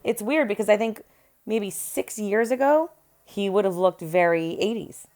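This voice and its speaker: A woman's voice: mid-range voice, a little mellow. A woman co-hosting a casual movie-watching podcast at home, teasing her co-host with dry jokes while she has a cold. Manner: teasing, dry, quick with jokes and mock quotes. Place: living room at home.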